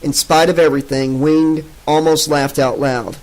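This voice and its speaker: A man narrating an unabridged audiobook in a steady, even storytelling manner. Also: a little high, normal speed, rough recording.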